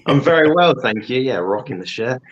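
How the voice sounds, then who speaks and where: A man's voice: mid-range voice, animated, fairly quick, slight background noise. A man with a British accent, a guest co-host chatting casually and often restarting his sentences. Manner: hesitant, many restarts. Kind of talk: casual chat. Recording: dull lo-fi call audio.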